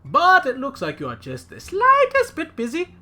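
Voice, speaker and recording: A man's voice: extremely high pitch, huge pitch swings, normal speed, sharp tone, voice pushed up, exaggerated voice. A man voicing a pompous older male elephant-folk mayor who talks in a chatty, self-important way. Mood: jovial.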